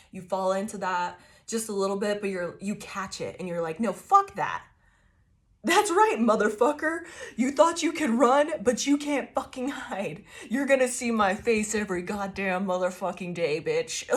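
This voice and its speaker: A woman giving a casual tarot reading, swearing freely and laughing often as she tells her story. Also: mid-range voice. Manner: profane, laughing, animated storytelling. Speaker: tarot reader.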